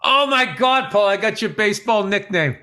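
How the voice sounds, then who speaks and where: Bright, animated male podcast co-host. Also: sits high, moderate pace. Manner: wry, joking, animated storytelling. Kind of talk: casual chat.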